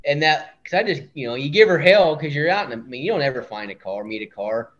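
A man's voice: on the high side, lively intonation, quick pace, a bit bright. A man from Iowa, a hunting outfitter guest, talking in a laid-back, plainspoken way. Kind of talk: casual chat. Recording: dull lo-fi audio.

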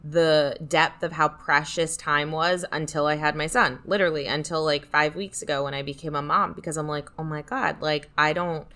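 A woman's voice: deep voice, fairly even intonation, moderate pace, hardly any pauses, sharp tone. A young woman co-hosting a podcast, talking in a rambling, emphatic way with lots of fillers. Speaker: podcast co-host. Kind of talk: casual chat.

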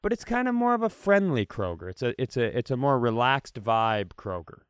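A man's voice: medium pitch, very animated, moderate pace, clear, resonant tone, no echo, clean studio sound. A man co-hosting a comedy podcast in casual chat, with faint traces of a Southern US accent. He rambles, loses his words and mocks himself. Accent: faint Southern US, mostly trained out. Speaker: podcast co-host.

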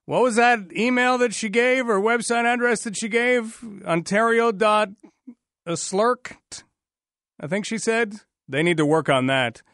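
Sarcastic, chatty male radio host from Canada with a slightly high voice and a dry close-mic sound. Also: a little slow, fairly bright tone, no echo. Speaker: radio talk show host. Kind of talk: casual radio talk.

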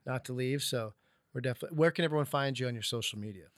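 A man's voice: medium pitch, racing, a bit bright, no room sound. Podcast host guy, earnest, dry close voice. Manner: earnest, wraps up the show. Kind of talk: casual podcast wrap-up.

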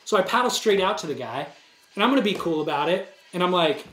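A man co-hosting a podcast, telling a long story in an animated way and acting out the other people's lines in casual chat. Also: high voice, fast talker, reverberant. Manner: animated storyteller, acts out dialogue. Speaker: podcast co-host.

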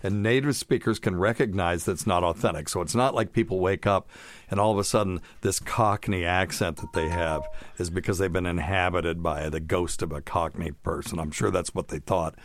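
A man's voice: low voice, normal speed. A middle-aged man co-hosting a casual medical podcast, chatty and jokey as he reads from his notes. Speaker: podcast co-host, doctor.

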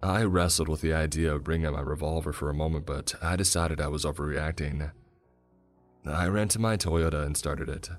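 A man narrating a first-person horror story in a measured storytelling manner. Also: a bass voice, steady tone, soft background music.

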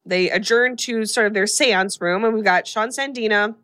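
A woman hosting a casual podcast chat, retelling a horror movie plot with animated storytelling and acted-out lines. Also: mid-range voice, moderate pace, clear, resonant tone. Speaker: podcast host recapping a film.

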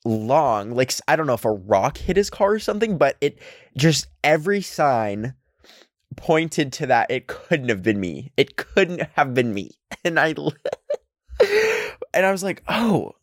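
A man's voice: medium pitch, wildly swooping pitch, a little slow, no room sound, clean studio sound. A man in his twenties telling a casual storytime at home into a handheld microphone, rambling with lots of "like" and laughing as he goes. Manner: chatty, rambling, full of "like" and laughs. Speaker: vlogger.

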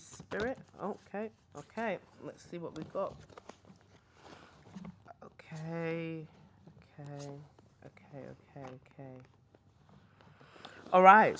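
A woman's voice: a bass voice, a bit bright, slight background noise. A young British woman hosting a podcast, chatting casually and rambling through asides while reading tarot. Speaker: podcast host and tarot reader. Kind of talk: casual chat. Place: hotel room.

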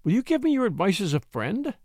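A man reading an audiobook, voicing a spirited, excitable young woman who gushes and teases sweetly. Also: high voice, fast talker, no room sound, studio quality, voice pushed up. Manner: breathless, gushing, sweetly teasing.

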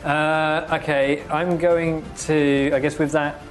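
A man's voice: a little high, little pitch movement, takes it slowly, faint music behind. A man playing a tabletop game, talking in a casual, hesitant and polite way. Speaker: player.

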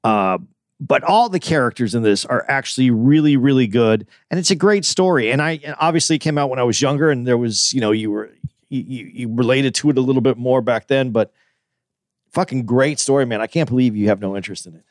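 A man's voice: medium pitch, fairly quick, no echo, studio quality. A man co-hosting a podcast, talking with enthusiasm and rambling in casual chat. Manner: enthusiastic, rambling, restarts often. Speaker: podcast co-host.

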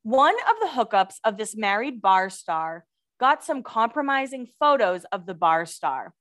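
A woman's voice: mid-range voice, very animated, a little slow, fairly bright tone. A woman co-hosting a podcast, reading gossip items aloud and chatting with giggly asides. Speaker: podcast co-host.

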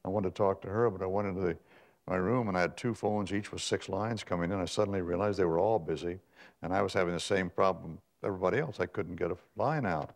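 Older man, very deep voice, gravelly, measured storytelling, pauses and restarts. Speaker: guest, veteran newsman. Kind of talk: reflective conversational storytelling.

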